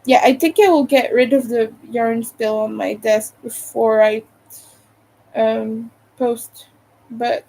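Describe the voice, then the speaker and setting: A woman casually chatting to her livestream viewers while she crochets, talking half to herself between quiet pauses and sounding tired. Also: on the high side, fairly even intonation, vocal fry, rough recording.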